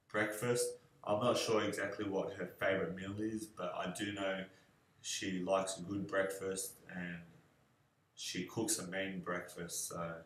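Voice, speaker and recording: Rambling low-voiced young man, echoey room. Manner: relaxed, rambling, many fillers. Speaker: groom answering questionnaire. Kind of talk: casual video answers.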